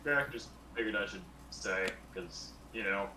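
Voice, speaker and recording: A male player in a voice-chat tabletop game, chatting offhandedly. His voice sits fairly low, recorded in an echoey room with clear background noise. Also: normal speed, pushed and bright. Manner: offhand, casual. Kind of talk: casual tabletop role-play chat.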